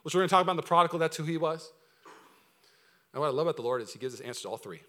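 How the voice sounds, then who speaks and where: An energetic male pastor preaching a sermon at a rapid clip. His voice sits high for a man and rings bright and forceful. He swings from loud, urgent preaching to quiet, intimate asides.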